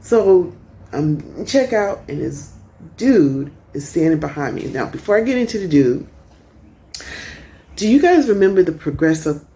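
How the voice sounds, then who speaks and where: A middle-aged woman chatting and telling stories in a casual vlog, recorded outdoors on a porch. She is animated and laughs often. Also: deep voice, moderate pace, slight background noise. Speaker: vlogger.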